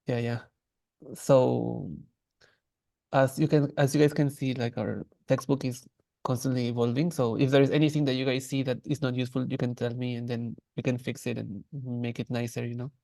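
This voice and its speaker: A man's voice: medium pitch, little pitch movement, normal speed, vocal fry, dark tone, no echo. A man teaching an online language class in a casual, restarting way, demonstrating sounds.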